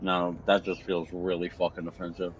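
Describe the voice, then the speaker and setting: A man's voice: low voice, completely flat delivery, normal speed, dull audio, slight background noise. Swearing casual male streamer. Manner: casual, profane, self-mocking. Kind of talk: casual gameplay commentary. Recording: game music playing behind.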